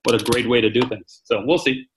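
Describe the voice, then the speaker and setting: A man's voice: mid-range voice, steady tone, a little fast, noisy background. A man hosting a conference call, chatty and rambling, with many fillers and restarts. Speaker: meeting host. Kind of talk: casual conference call talk.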